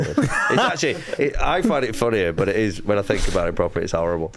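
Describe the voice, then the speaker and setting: A man from northwest England with a northwest English accent, a comedian guest telling stories on a podcast, animated and swearing, laughing through his stories. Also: on the low side, fast talker, slight background noise. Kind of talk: anecdotal podcast storytelling.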